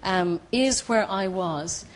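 An Irish woman, a guest on a television chat show, telling her story in an animated way and acting out the voices of people she quotes. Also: lowish voice, slow pace, rough recording. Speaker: studio guest. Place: TV studio.

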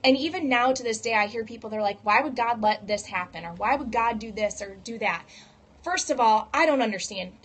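A woman's voice: mid-range voice, a bit bright. A woman vlogger giving an earnest, casual motivational talk to camera and acting out voices when she tells a story. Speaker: fitness coach and vlogger.

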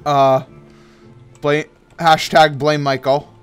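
A man co-hosting a casual gaming video, giggly and excitable, breaking into high squeals. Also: slow pace, clear, resonant tone, faint music behind. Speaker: co-host of a game series.

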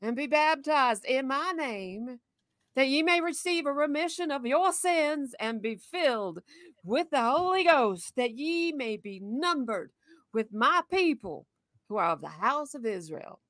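A woman doing a slow solemn old grandma voice. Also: high-pitched, animated, fairly bright tone, no room sound, studio quality, voice pushed up. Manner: slow, drawn-out, preachy reading. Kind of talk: scripture reading in a put-on voice.

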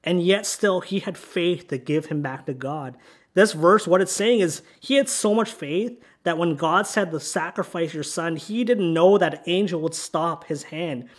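A pastor preaching a sermon in a church sanctuary, reading scripture aloud in an earnest preaching manner. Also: male voice, on the high side, normal speed.

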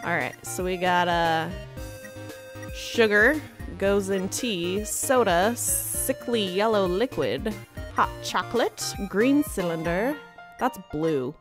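A woman's voice: mid-range voice, animated, slow, music in the background. A woman streamer giving casual gameplay commentary, with nervous, wry asides and swearing.

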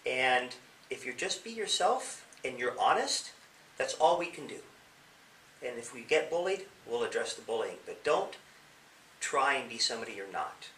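A man's voice: medium pitch, sing-song, normal speed, a bit bright, slight background noise. A man who is a police officer, giving young people advice in an interview. He explains with questions and acts out examples. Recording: echoey room, mic at a distance.

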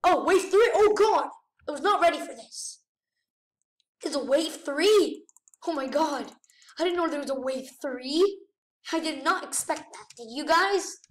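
Excitable woman doing game commentary, high voice, echoey room, mic set back. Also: measured pace, distant mic. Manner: excitable, gasping, exclaiming. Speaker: gamer. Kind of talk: gameplay commentary.

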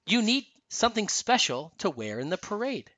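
A man reading a storybook aloud, voicing a calm, gentle queen who speaks kindly and steadily. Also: high-pitched, normal speed, pitched above the performer's own voice, heavily acted.

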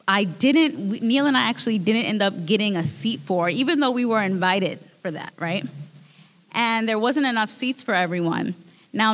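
A woman giving an earnest, emotional personal testimony at a church service, often restarting her sentences. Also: medium pitch. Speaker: speaker sharing a communion message. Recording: long hall reverb.

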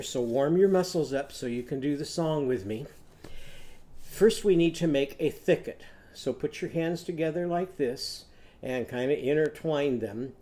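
A man teaching a children's phonics lesson, telling a short story and leading simple songs for young learners to repeat. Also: medium pitch. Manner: animated, coaxing, sings lines for children to echo.

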